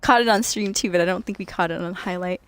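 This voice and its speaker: A woman's voice: on the low side, quick pace, a bit bright, clear, resonant tone, no echo. A woman game streamer chatting casually to her viewers, laughing often and talking straight to them. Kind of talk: casual live-stream chat.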